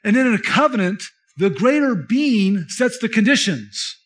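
A pastor preaches with a notably high voice for a man, talking through scripture in a conversational style. He stresses his key points with emphasis and addresses the congregation directly. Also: very animated, moderate pace, fairly bright tone. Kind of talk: sermon.

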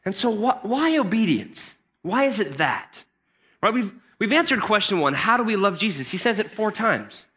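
A man preaching a sermon with a high, lively voice that has a bright, ringing edge. He talks to the congregation like a friend, stumbling over repeated starts and then rising into excited emphasis. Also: normal speed, slightly rough. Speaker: pastor.

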